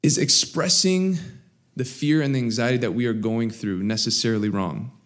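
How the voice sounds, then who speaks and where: A man preaching a sermon, swinging between raised, emphatic lines and low, quiet asides. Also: normal speed. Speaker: pastor.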